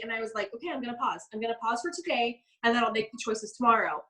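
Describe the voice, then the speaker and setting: A young woman coaching a live online group, telling stories in an animated way and acting out the people she quotes. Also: a little high, rough recording. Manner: fast, bubbly, animated storytelling with quoted voices. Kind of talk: live business coaching session.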